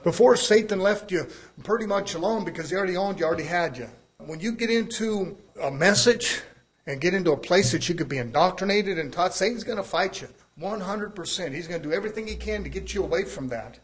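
A man's voice: high-pitched, brisk. A man preaching a sermon in a folksy way, his volume rising and falling.

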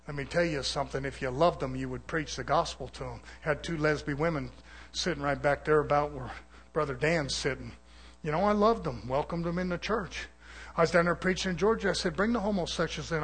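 A man preaching a fiery sermon to a church, alternating forceful loud passages with quieter asides. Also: breathy edge. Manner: forceful preaching, swinging between loud peaks and low asides. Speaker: pastor.

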